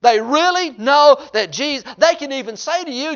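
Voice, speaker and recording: A man preaching a sermon, swinging from hushed low asides to loud, high-pitched exhortation. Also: lively intonation, normal speed, few pauses, lo-fi sound. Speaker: pastor.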